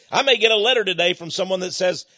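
A man's voice: high-pitched, fairly quick, sharp tone, breathy edge, no echo, muffled recording. A man preaching on a radio program in a folksy, plainspoken way, often chuckling as he talks. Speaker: radio minister.

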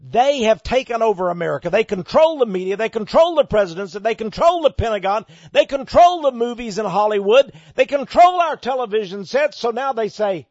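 A man giving an emphatic monologue, reading an article aloud and commenting on it, with sudden loud stresses. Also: high-pitched, animated, brisk, hardly any pauses, dry recording, muffled recording.

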